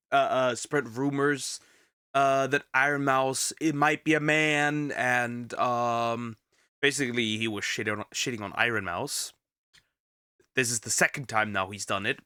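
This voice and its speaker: A man's voice: mid-range voice, bright, forceful tone, clean tone, no room sound, clean studio sound. A man who is a little sick, giving casual reaction commentary as a streamer, rambling with many restarts and repeated words. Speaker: vtuber reacting to a video.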